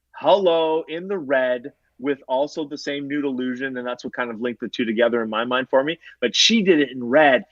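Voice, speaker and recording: A man as a guest in a casual podcast chat, opinionated and playful with quick asides. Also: mid-range voice, fairly bright tone, dry recording, lo-fi sound.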